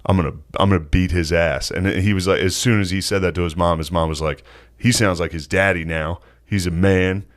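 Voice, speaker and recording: A man's voice: deep voice, steady tone, brisk. A young man co-hosting a podcast, telling stories in casual, profane talk and laughing often. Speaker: podcast co-host. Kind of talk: casual chat.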